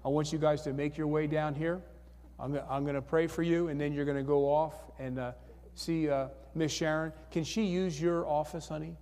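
A male pastor with a slightly high, steady, mellow voice speaks at a moderate pace while leading an altar call. In the church sanctuary, he coaxes people forward, repeating questions and calling for hands many times, with reverb from the hall.

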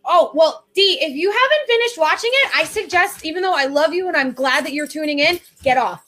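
A high-pitched woman hosts a casual podcast chat. She is chatty and enthusiastic and laughs easily as she talks with her co-host. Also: lively intonation, brisk, a bit bright.

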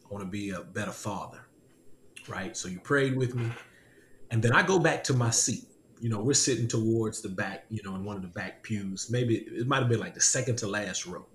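A man's voice: lowish voice, brisk, fairly bright tone, a little hiss or hum. A man telling a personal story with animation, laughing often and repeating his lines. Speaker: podcast host. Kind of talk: casual testimony chat. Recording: echoey room with faint ambience.

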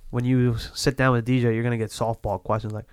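A man's voice: medium pitch, flat delivery, fast, clear, resonant tone, dry recording. A man talking casually as an interview guest about his DJ work, laid-back, with many fillers and restarts. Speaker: mobile DJ guest.

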